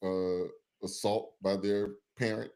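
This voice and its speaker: A man co-hosting a casual podcast, talking in a relaxed way with repeated, drawn-out phrasing. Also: on the low side. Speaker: podcast co-host. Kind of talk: casual chat.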